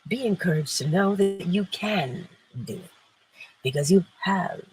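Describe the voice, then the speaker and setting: A woman's voice: fairly low pitch, lively intonation, measured pace, over music, rough recording. A woman hosting an inspirational morning livestream, playful and emphatic, laughing often and answering viewers in the chat. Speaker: livestream host.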